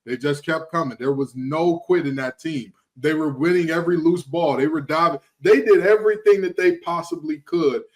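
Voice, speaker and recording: Wry, joking sports podcast host. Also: male voice, on the high side, normal speed, hardly any pauses, darkish tone. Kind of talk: casual sports talk.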